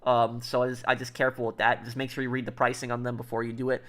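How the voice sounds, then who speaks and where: A man's voice: mid-range voice, monotone, fast talker, fairly bright tone. A man streaming and chatting casually with viewers, rambling with lots of fillers and restarts. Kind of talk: casual livestream chat.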